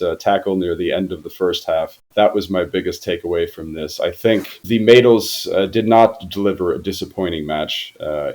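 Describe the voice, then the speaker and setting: A man from Germany, speaking as a football reporter guest on a podcast in a formal, measured way with frequent hesitations. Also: sits low, a little mellow, rough recording. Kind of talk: podcast interview.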